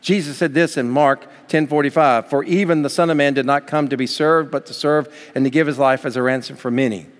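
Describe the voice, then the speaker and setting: A man's voice: medium pitch, fairly even intonation, a little fast, few pauses. A man preaching a sermon as pastor, from the United States, building to fervent emphasis. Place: church sanctuary. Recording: long hall reverb.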